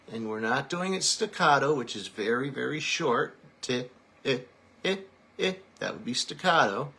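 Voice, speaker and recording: A man's voice: medium pitch, gravelly, pushed and bright, breathy edge. A man teaching a singing lesson, explaining technique and then singing short vowel drills to demonstrate. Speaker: vocal coach.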